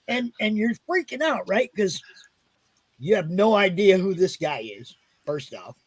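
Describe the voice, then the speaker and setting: A Navy veteran man telling a boot camp story in casual chat, loud and animated, shouting the quoted lines. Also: high-pitched, normal speed, slightly rough.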